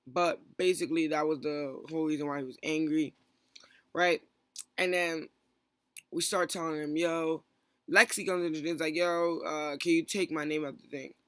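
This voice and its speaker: A young man telling a long, rambling storytime about an online feud. He keeps restarting and slips into quick quoted bursts of what others said. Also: fairly high pitch, fairly even intonation, a bit bright, clean tone, no room sound. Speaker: stream moderator. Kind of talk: casual storytime rant.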